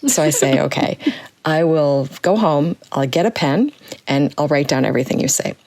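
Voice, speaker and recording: A woman's voice: sits low, animated, moderate pace, darkish tone, dry recording. A woman writer telling a personal story about signs from the spirit world, reflective and acting out what others said. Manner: reflective, acts out quoted voices.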